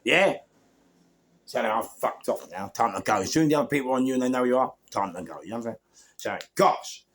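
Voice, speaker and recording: This fast-talking London man has a mid-range voice and tells stories in a relaxed way. As a guest storyteller he leans on street slang and swearing, often checking in with "yeah?"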